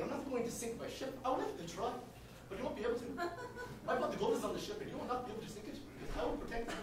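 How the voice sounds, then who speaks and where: Man putting on a high, shouty stage-Irish braggart, heard from far off in an echoey comedy club. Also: noisy background. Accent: Irish (put on). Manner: shouting, escalating bluster. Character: boastful Irish man guarding his gold.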